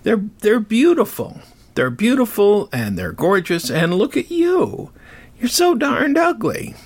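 A man's voice: high-pitched, huge pitch swings, a little slow, voice pushed up, exaggerated voice. A man voicing a mocking male king of the gods who taunts a rival with a jeering manner.

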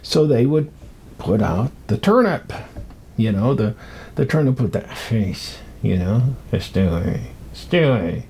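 A man's voice: medium pitch, sing-song, a little slow, vocal fry, dark tone, husky. A man in his sixties telling folklore in a rambling, chuckling way, acting out voices as he goes. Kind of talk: casual storytelling talk.

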